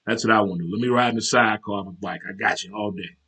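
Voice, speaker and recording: A man hosting his own casual talk show, animated and chatty, breaking into military cadence chants. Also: on the low side, rapid-fire, breathy edge. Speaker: show host.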